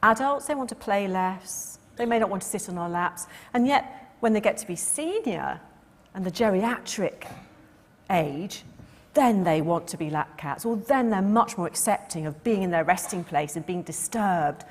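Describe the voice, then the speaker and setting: Lively woman lecturing in a reverberant hall. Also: medium pitch, moderate pace. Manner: lively, acts out cat and owner voices. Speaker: cat behaviour speaker. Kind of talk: lecture talk.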